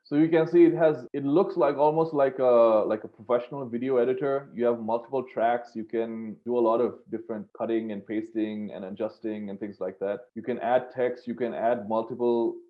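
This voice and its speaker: A man's voice: mid-range voice, steady tone, brisk, hardly any pauses. A man teaching an online course, walking through examples on screen in a loose, rambling way with frequent restarts. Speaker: course instructor. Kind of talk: screen-share tutorial. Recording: tinny phone-like audio.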